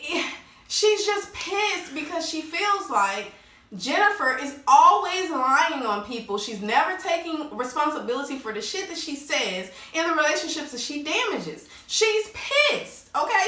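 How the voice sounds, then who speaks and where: A woman recapping a reality show in a casual, slangy, animated way, acting out quotes in changing voices. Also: high voice. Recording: roomy echo, distant mic.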